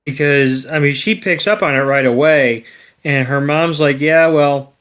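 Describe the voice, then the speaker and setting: A man's voice: mid-range voice, moderate pace, fairly bright tone. A man co-hosting a podcast, retelling an episode in loose chat and swearing now and then. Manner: loose, profane storytelling. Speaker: podcast co-host. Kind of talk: casual episode recap chat.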